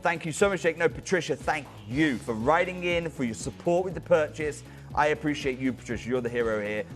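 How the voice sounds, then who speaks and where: A slightly high-voiced man hosts a live TV shopping sale in a studio. He pushes hard and urgently, naming viewers one after another. Faint music plays underneath. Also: animated, fairly quick. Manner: urgent, persuasive, addresses viewers by name. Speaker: shopping channel presenter. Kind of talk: fast live sales pitch.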